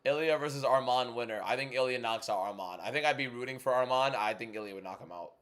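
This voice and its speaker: Young male streamer, mid-pitch, casual and chatty, answers chat with blunt opinions at a desk mic at home. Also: fairly bright tone. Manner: chatty, frank, quick opinions, reads viewer questions aloud. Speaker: livestream host.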